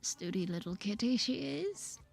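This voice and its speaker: A woman's voice: a little high, very animated, a little slow, vocal fry, breathy edge, soft background music, pitched above the performer's own voice, full character voice. A woman voicing a sweet elderly woman who dotes on her cats, in a slightly British accent, as a whispered role-play in a game. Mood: doting. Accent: slightly British, put on. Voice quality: fond and chatty.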